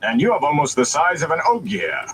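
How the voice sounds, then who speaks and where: A man voicing a grand, scornful old traveling bard with a theatrical, dry and mocking manner, over steady background noise. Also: on the high side, a little fast, pitched above the performer's own voice. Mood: gruff.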